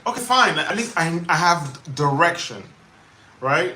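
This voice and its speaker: A man's voice: fairly high pitch, very animated, unhurried, bright, forceful tone. A man hosting a live chat stream, venting about his frustrations and stumbling through many restarts. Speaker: livestream host. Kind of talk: casual live-chat talk.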